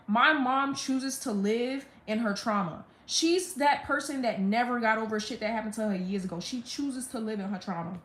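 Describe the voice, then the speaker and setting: A woman's voice: on the high side, moderate pace, hardly any pauses, fairly bright tone. A young woman on a live stream, venting a blunt, profane storytime rant about her family. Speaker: livestreamer. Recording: roomy echo.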